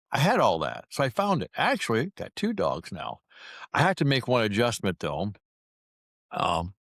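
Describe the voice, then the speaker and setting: A man's voice: on the low side, dry recording, clean studio sound. A man in his sixties telling stories to camera with wry, folksy, self-mocking humor. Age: 60s. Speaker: vlogger. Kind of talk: casual storytelling to camera.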